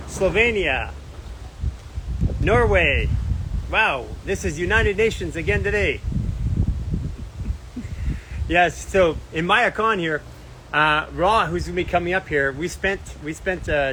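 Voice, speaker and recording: A man's voice: a little high, sharp tone, slight background noise, low-quality recording. A Canadian man hosting a casual live stream outdoors near a beach, upbeat, reading out where his viewers are from. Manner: upbeat, reads out viewer comments and places.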